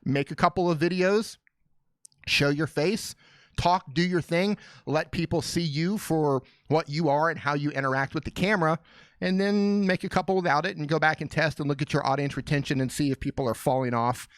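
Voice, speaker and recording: The recording is dry, and the man's voice sits on the high side at normal speed. He hosts a casual live Q&A from a small studio, joking and greeting viewers by name in a fired-up, excited way.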